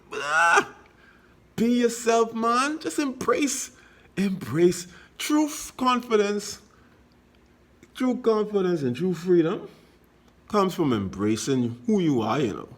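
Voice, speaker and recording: A middle-aged man with a Bahamian accent delivers a casual motivational talk to the camera. He repeats his points with emphasis, and his pitch swings lively up and down, sitting a little high for a man. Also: normal speed. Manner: emphatic, repetitive exhortations, storytelling. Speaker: vlogger.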